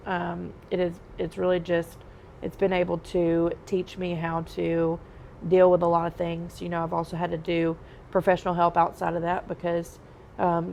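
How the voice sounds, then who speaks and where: A woman's voice: on the low side, creaky, slight background noise. A woman, a podcast guest, candidly telling her own life story in a conversational way, often saying um and like. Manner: conversational, frequent "um" and "like".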